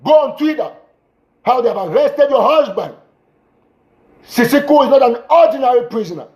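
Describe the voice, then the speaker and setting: A man urgently addressing his audience in an impassioned livestream appeal, repeating himself and breaking into shouts, speaking into a phone. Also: extremely high pitch, lively intonation, moderate pace, highs cut off. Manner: urgent, repetitive exhortations, bursts of shouting. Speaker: political commentator.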